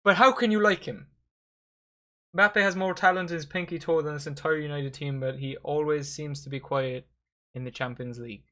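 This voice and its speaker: A young man giving excitable, sweary live commentary while hosting a football watchalong. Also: a little high, moderate pace. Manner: excitable, swearing, addresses viewers as lads. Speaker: watchalong host.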